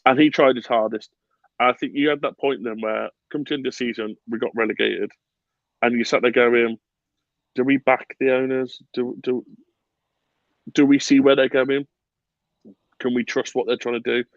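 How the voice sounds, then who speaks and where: A man hosting a casual football podcast, animated and swearing freely, with bursts of laughter. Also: medium pitch, no echo, muffled recording. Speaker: podcast host.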